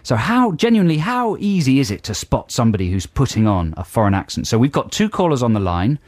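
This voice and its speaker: A man's voice: mid-range voice, very animated, fast talker, darkish tone, dry recording. A man presenting a radio show, teasing and dry as he talks to callers. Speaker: radio co-host.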